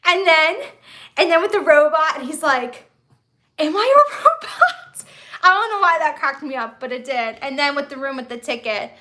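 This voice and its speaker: A woman's voice: high-pitched, fairly quick, pushed and bright. A woman hosting a casual live stream from a phone on a tripod, rambling and reading out viewer comments as she goes. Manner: chatty, rambling, reads viewer comments aloud.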